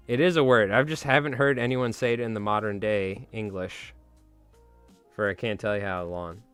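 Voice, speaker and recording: A man's voice: on the low side, fairly bright tone, clean tone. A man chatting casually on a live stream while tying flies, rambling and joking at his own expense. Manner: rambling, self-mocking, joking.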